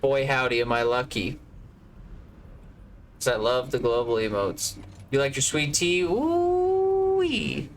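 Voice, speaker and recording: A man's voice: medium pitch, measured pace, pauses often, fairly bright tone, a little hiss or hum, poor audio. A man from Georgia with a Southern accent, chatting casually and jokingly with viewers on a live game stream. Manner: jokey, rambling, chats with viewers.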